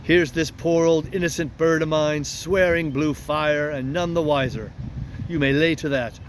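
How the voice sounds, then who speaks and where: A man's voice: a little high, fairly even intonation, measured pace, slight background noise, close to an everyday voice. Man doing a folksy old one-legged sea cook. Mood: coaxing. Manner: folksy sailor's talk, coaxing and friendly.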